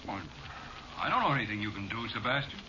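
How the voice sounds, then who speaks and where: An actor playing a teasing, sinister bartender who drawls in slang, in old-time radio drama style. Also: male voice, on the low side, lively intonation, fast, natural voice. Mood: sly. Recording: dull, faintly hissy old radio recording.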